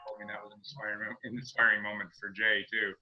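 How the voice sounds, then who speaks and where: A man's voice: on the low side, level tone, fast, muffled recording, faint music behind. A man hosting a team video call, speaking earnestly and proudly about his teammates. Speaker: team leader and host. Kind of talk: casual video call chat.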